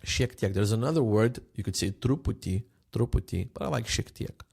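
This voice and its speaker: A man teaching a language lesson, patiently repeating phrases slowly for learners. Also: lowish voice, vocal fry, darkish tone, breathy edge.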